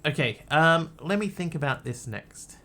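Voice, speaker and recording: A man's voice: fairly high pitch, expressive, measured pace, sharp tone. A man streaming a video game live, chatting casually and thinking aloud in muttered asides. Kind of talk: casual live gameplay commentary.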